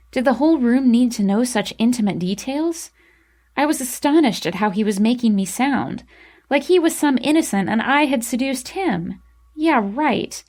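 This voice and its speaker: A young woman narrating an audiobook in the first person, with expressive, emotional storytelling. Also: medium pitch.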